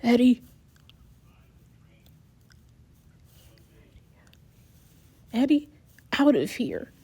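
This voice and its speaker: A woman voicing a violent male attacker who yells curses, in a storybook reading. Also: fairly high pitch, wildly swooping pitch, extremely slow, vocal fry, slightly rough, full character voice. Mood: shouting. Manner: yelling curses.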